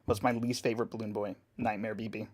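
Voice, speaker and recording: A man casually answering chat questions while drawing on a live stream, relaxed and chatty. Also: lowish voice, fast talker.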